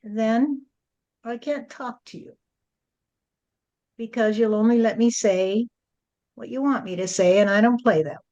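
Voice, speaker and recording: A woman's voice: on the high side, a little slow, long pauses, warm tone, dull audio. A woman channeling a spirit and speaking as God, blunt and lecturing, often adding "you see".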